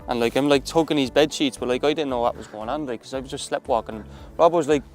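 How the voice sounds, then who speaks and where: Irish man, footballer, casual storytelling, loose rambling delivery, ordinary pitch. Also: quick pace, soft background music. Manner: chatty, full of "like" fillers and restarts. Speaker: footballer, guest.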